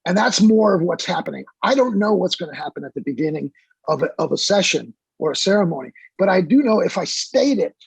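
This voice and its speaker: Male guest, gravelly and husky, reflective and halting, dry recording. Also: high voice, expressive, dry recording, low-quality recording. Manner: musing, halting, with many fillers. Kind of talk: reflective podcast talk.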